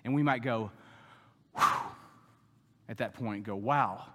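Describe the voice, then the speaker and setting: A man's voice: medium pitch, fast, heavy background noise. A man preaching a sermon with emphatic delivery, now and then voicing the people in the story. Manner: emphatic preaching, voices the grumbling Israelites. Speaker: pastor. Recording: long hall reverb.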